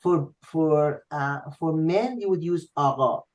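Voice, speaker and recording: A man tutoring a student online, explaining patiently with frequent pauses and fillers. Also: fairly high pitch, rough recording. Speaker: language tutor.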